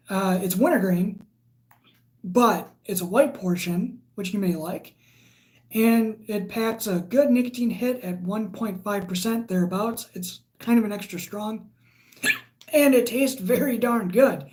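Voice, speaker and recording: A woman's voice: mid-range voice, unhurried, darkish tone. A woman hosting a casual livestream, reading viewer comments aloud and chatting in a rambling way. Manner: chatty and rambling, with frequent fillers. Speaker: livestream host.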